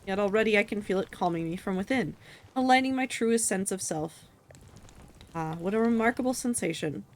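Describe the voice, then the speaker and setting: A woman's voice: mid-range voice, fairly quick, close to an everyday voice. A woman reading out a grand male warrior's lines as he savors tea, in a pompous, theatrical manner. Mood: grandiose. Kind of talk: reading game dialogue aloud.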